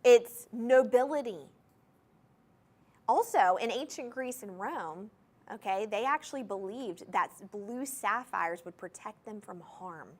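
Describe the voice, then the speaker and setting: A woman's voice: mid-range voice, expressive, slow pace. A woman hosting a live TV shopping show, gushing over jewelry and speaking straight to viewers, repeating key points for emphasis. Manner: gushing, enthusiastic, addresses viewers directly; repeats item numbers and key phrases for emphasis. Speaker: shopping channel host. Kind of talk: live TV jewelry sales pitch. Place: TV studio.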